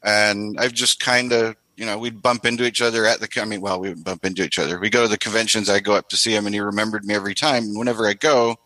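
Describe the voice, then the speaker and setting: A man's voice: lowish voice, fast talker, few pauses, no room sound, poor audio. A man, a guest artist on a podcast, chatting casually and acting out quotes as he tells stories. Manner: animated storyteller, acts out quotes.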